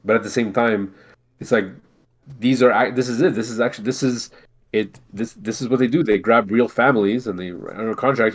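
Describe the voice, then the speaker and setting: A man from Montreal talks through a relaxed chat with a friend. His voice sits on the low side, and he rambles, circling back with restarts and fillers as he goes. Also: brisk. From Montreal, Canada. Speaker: co-host. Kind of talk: casual chat.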